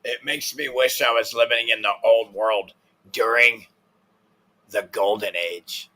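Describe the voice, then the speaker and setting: A man's voice: mid-range voice, fairly even intonation, a little slow, pushed and bright. A man co-hosting a casual chat, crude and mocking, with a lot of swearing.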